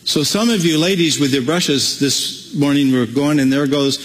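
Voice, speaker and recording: A man preaching a sermon as pastor, animated, breaking into playful acted-out asides. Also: fairly high pitch, normal speed, long reverb tail, poor audio.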